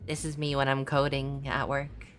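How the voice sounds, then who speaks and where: A woman's voice: very deep voice, monotone, moderate pace, slight background noise. A woman streaming a game, chatting casually and playfully, often giggling between remarks. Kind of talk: casual live-stream commentary.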